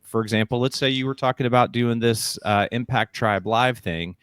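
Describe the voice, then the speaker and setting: A man's voice: mid-range voice, moderate pace, fairly bright tone, smooth, dry recording, studio quality. A middle-aged man who is a guest on a podcast interview. He tells stories with energy and acts out the voices he quotes. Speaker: guest, keynote speaker and leadership coach.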